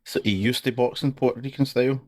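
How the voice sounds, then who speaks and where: A man's voice: mid-range voice, fairly even intonation, quick pace, darkish tone. A Scottish man co-hosting a casual sports podcast, talking in a laid-back, hesitant way with many fillers. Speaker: podcast co-host.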